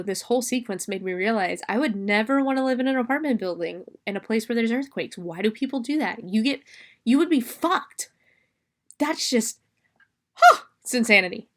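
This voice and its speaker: A woman's voice: fairly high pitch, expressive, moderate pace, long pauses, fairly bright tone. A woman hosting a podcast, recapping a movie in a casual, rambling way and swearing freely. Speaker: podcast host.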